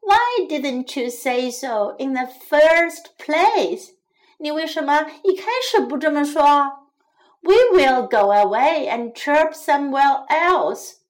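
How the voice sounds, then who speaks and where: Woman playing a chirpy, puzzled storybook cricket: high, bouncy pitch. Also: animated, slow. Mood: cheerful. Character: cheerful, hard-of-hearing little cricket.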